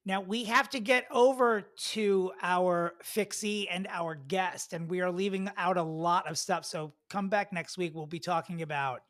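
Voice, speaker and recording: Comedian co-host, male, high and bright-pitched, dry close mic, rambling chatty storyteller. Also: measured pace, hardly any pauses, no room sound. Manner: animated, rambling storytelling with swearing. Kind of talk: casual chat.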